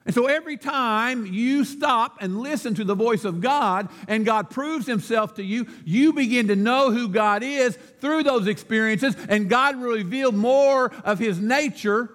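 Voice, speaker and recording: A man's voice: very high-pitched, unhurried, hardly any pauses, a bit bright, long reverb tail. A man preaching a sermon as pastor, telling a folksy story and laughing at his own joke.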